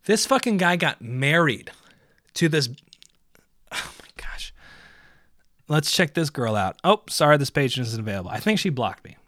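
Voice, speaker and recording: A man's voice: fairly high pitch, big pitch swings, moderate pace, a bit bright, no room sound, clean studio sound. Profane, sarcastic man ranting solo. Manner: profane, sarcastic, rambling, mocking voices. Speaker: podcast host. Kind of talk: solo podcast rant. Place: indoors by a window.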